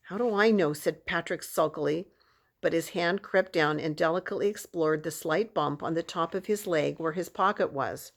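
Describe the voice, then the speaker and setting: A woman reading a children's novel aloud in a steady, expressive storytelling manner. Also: low voice, normal speed. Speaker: audiobook reader.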